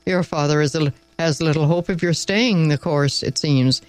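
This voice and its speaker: A man voicing an aloof, ironic aristocratic abbot who speaks in an educated, measured way in a storybook reading. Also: fairly high pitch, natural voice. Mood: probing.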